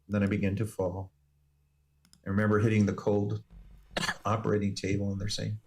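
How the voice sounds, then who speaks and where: As an interview guest, a man gives personal testimony with steady, earnest care, sounding like a firefighter and paramedic who has told the story before. His voice is a little low with vocal fry, and he speaks slightly fast.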